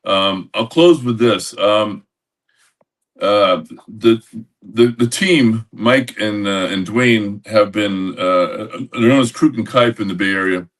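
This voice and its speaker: Older man telling a halting anecdote. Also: on the low side, recorded from a distance. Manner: rambling, halting, with many restarts. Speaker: podcast co-host. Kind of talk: casual storytelling.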